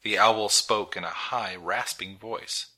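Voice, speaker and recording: A man narrating a storybook in a dramatic, measured reading that builds tension. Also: on the low side, fairly even intonation, bright, forceful tone, poor audio. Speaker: audiobook narrator. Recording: narration over clear background music. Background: music.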